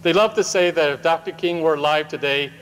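A man giving a measured, earnest public speech. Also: on the high side, fairly bright tone. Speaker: speaker. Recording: echoey hall with faint noise.

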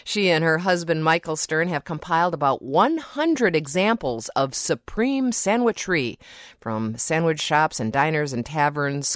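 A woman hosting a call-in radio talk show, chatty and quick to laugh while she interviews a guest. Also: low voice, dry recording, clean studio sound. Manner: friendly, laughs easily, chatty with fillers. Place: radio studio.

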